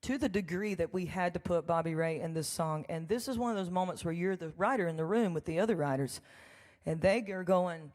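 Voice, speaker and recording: A woman, a country songwriter telling folksy, animated stories during a live church concert. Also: lowish voice, fairly quick. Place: church sanctuary. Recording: long hall reverb with faint music.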